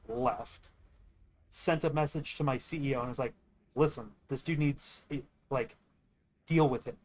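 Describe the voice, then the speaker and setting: A man's voice: mid-range voice, low-quality recording. Young male streamer, casual and profane, tells a long rambling story while playing. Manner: rambling, profane, quotes others mid-story.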